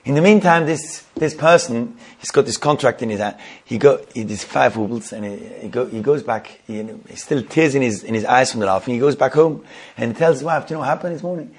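A man's voice: mid-range voice, fairly quick, slightly rough. A man telling a Hasidic tale, often repeating and restarting himself and using Yiddish terms. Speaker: storyteller.

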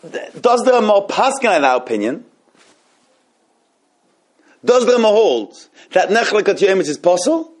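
In a halachic class where questions come up, a Torah teacher with a higher-pitched male voice swings his pitch widely. He goes over the texts slowly, often starting over and repeating phrases.

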